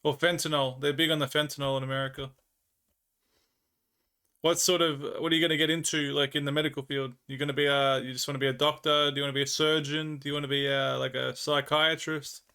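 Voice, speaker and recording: A man's voice: a little high, little pitch movement, fast talker, pushed and bright, smooth. A man with an Australian accent chatting with viewers on a live stream, telling rambling stories and laughing often. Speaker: livestreamer. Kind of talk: casual chat with viewers.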